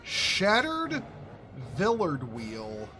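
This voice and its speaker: A man giving casual, rambling commentary while playing a game, excitable and swearing, often restarting his sentences. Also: sits high, very slow, music in the background. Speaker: gaming streamer.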